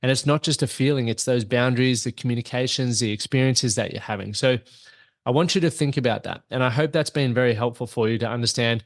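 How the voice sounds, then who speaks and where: Hosting his own podcast as a coach, a man talks solo to his listeners in an earnest, motivational, conversational way. His voice is medium-pitched and fast, recorded at studio quality with no echo.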